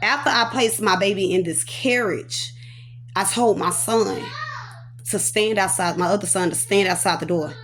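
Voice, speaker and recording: A woman giving an animated, emotional personal testimony, acting out sound effects and repeating phrases for emphasis. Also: medium pitch, moderate pace. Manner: animated, dramatic storyteller voicing sound effects and repetitions; casual, talks aside to her children. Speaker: survivor telling her own story.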